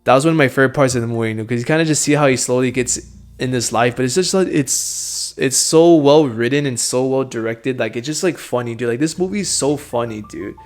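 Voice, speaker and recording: A man's voice: medium pitch, fast talker, soft background music. Young man gushing casually about a film. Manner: enthusiastic, swearing, says dude and bro a lot. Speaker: film review host.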